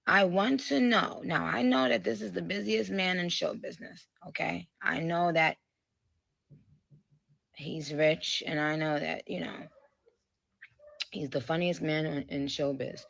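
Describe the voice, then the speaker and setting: A woman with a heavily gravelly, husky voice, speaking very slowly. She drags her sentences out and lets them trail away. The sound is dry and close. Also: lowish voice, fairly bright tone, no echo.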